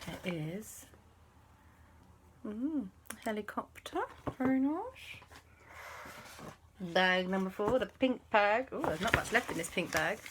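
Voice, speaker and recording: A woman's voice: medium pitch, animated, slow, long pauses, background noise. A woman with a playful, chatty manner, making up and telling a story for children. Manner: playful, chatty, jumps into silly voices. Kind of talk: improvised story narration for children.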